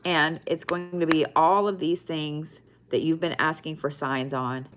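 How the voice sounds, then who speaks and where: Woman with a lowish voice as a zodiac reader, casual, profane and repetitive, a touch tired. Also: steady tone, measured pace, a little hiss or hum. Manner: blunt, swears often, repeats phrases for emphasis. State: tired, yawning. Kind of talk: casual weekly zodiac card reading.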